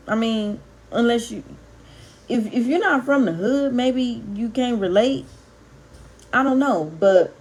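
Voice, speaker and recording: A woman from Compton, giving a casual, impassioned Bible talk to camera and stressing and stretching her words for emphasis. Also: a little high. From Compton, California. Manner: punchy exclamations, street slang. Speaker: Bible teacher vlogger.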